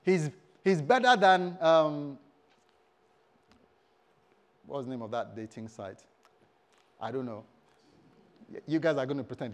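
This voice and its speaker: An animated male pastor preaching with a lively, swooping voice, sitting a little high for a man. He jokes and calls on the congregation, his delivery rising and falling with emphasis. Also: slow, pauses often. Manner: animated, humorous, engages the congregation. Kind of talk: sermon.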